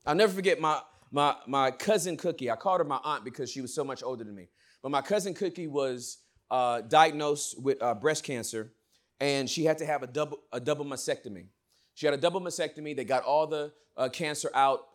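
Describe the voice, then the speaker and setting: A male pastor preaching a sermon, swinging from loud shouts to hushed words. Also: mid-range voice, brisk.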